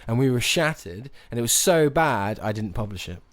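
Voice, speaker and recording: A man's voice: mid-range voice, expressive, moderate pace, dry recording. A man co-hosting a podcast in casual chat, given to dry self-mocking jokes and frequent laughter. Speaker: podcast co-host. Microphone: podcast mic.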